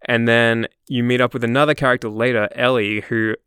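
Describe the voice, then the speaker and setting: A man's voice: medium pitch, steady tone, a little fast, fairly bright tone, clear, resonant tone, no echo, clean studio sound. An Australian man co-hosting a podcast in casual chat, laughing often and talking with many fillers. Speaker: podcast co-host.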